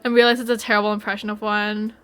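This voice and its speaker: A woman's voice: medium pitch, little pitch movement, quick pace, a bit bright, clear, resonant tone. A woman streaming a video game, chatting casually and bubbly as she plays. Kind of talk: casual gameplay chat.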